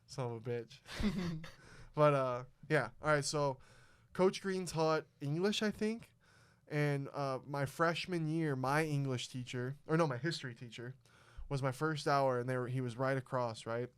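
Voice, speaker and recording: Profane storytelling man with a smooth voice. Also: medium pitch, a little slow. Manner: profane, animated storyteller who acts out quotes. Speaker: podcast host. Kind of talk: casual podcast storytelling.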